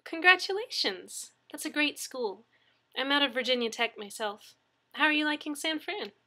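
A woman's voice: sits high, moderate pace, bright, forceful tone, voice pushed up. A woman voicing a friendly female emergency dispatcher who talks in a chatty, reassuring way in an audiobook reading.

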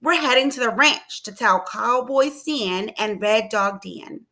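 A woman's voice: fairly high pitch, lively intonation, a little slow, pushed and bright, exaggerated voice. A woman doing a frantic little prairie chicken. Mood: urgent.

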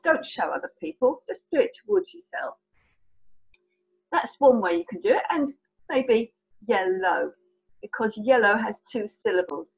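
The clip is a children's signing lesson: a British woman from England, a sign language tutor, teaches colour signs with a playful, chatty, encouraging tone. She has a slightly rough, somewhat high voice, and the audio is dull.

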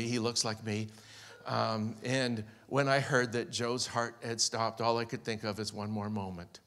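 Pastor telling a story in a reverberant hall. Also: male voice, mid-range voice, steady tone, unhurried, bright, forceful tone. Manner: personal, heartfelt storytelling with quoted speech. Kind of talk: sermon storytelling. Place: large church hall. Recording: long church hall reverb.

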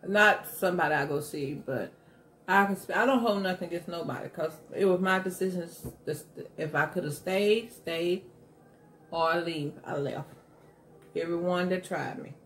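A woman's voice: fairly low pitch, normal speed, slight background noise. A middle-aged woman hosting an eating show at home, chatting candidly and with emphasis while she eats. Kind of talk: casual chat while eating.

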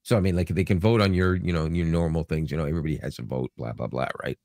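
A man's voice: a bass voice, fast, gravelly, dry recording, clean studio sound. A Canadian man co-hosting a podcast, chatting casually with jokes and rambling asides. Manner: rambling, joking, animated storytelling. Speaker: podcast co-host. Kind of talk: casual chat.

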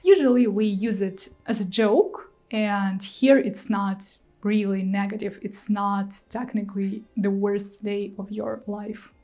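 A woman's voice: mid-range voice, fairly even intonation, unhurried, hardly any pauses, darkish tone. A young woman with a Russian accent, a native Russian speaker, patiently explaining idioms in a video lesson. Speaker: language teacher.

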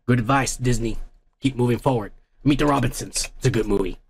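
A man's voice: medium pitch, a little fast, gravelly, slight background noise. A man hosting a podcast, reading viewer comments aloud in casual, rambling, profane chat. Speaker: podcast host.

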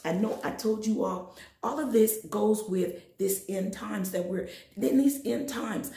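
A woman teaching Sunday school in an emphatic preaching style, talking straight to her listeners and breaking into sudden high exhortations. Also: a little slow, gravelly, dark tone, reverberant. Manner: addresses listeners directly. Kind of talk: sermon.

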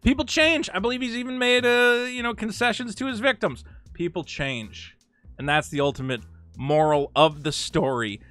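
A man's voice: high voice, steady tone, brisk, fairly bright tone, clean tone, soft background music. A man from Massachusetts, hosting a sarcastic, ranting commentary vlog. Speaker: commentary host.

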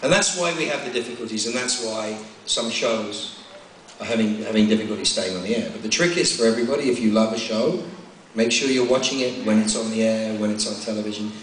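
A man's voice: on the low side, fast, a little hiss or hum. British man, panel guest, dry wry delivery, mic far off in a very echoey hall. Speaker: actor on a convention panel. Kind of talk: casual panel chat. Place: large convention hall.

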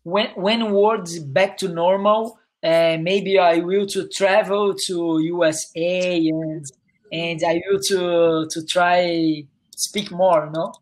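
Brazilian man, Portuguese native, English learner on a video call; halting, searching for words. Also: high voice, fairly even intonation. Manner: halting, hesitant non-native English with many restarts and "you know?". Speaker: English student. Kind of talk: online English lesson conversation.

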